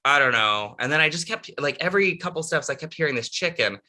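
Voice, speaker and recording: A man's voice: on the high side, expressive, fast, bright, forceful tone. A man, an author and podcast guest, telling a travel story in a rambling, casual way with many restarts.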